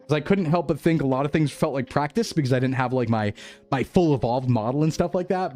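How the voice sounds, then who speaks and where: A man's voice: mid-range voice, brisk, dark tone, faint music behind. A young man streaming as a VTuber, chatting reflectively and rambling, repeating phrases and laughing often. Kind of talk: reflective casual stream chat.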